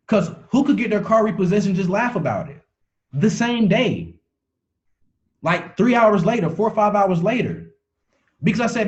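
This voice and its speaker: A man's voice: high voice, sing-song, moderate pace, dull audio. A man giving a motivational talk on a call, preachy, repeating phrases for emphasis and restarting words as he goes. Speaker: motivational speaker.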